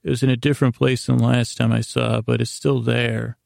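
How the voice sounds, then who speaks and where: A man hosting a slow bedtime podcast, recapping a TV episode in a meandering, hesitant way with frequent restarts. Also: mid-range voice, little pitch movement, vocal fry, a little mellow, dry recording, clean studio sound. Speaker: podcast host.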